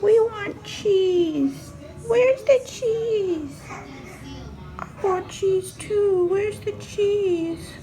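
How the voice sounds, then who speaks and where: A squeaky whiny cheese-craving voice. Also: female voice, drawn-out words, dark tone, faint music behind, heavily acted, rough recording. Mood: whiny pleading.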